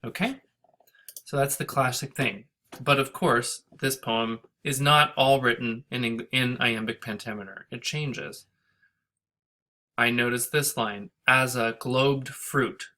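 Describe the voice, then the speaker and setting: A man's voice: medium pitch, steady tone, a little slow, pushed and bright. A man teaching a class, talking through a screen-recorded lecture and thinking aloud as he goes, with fillers and self-corrections.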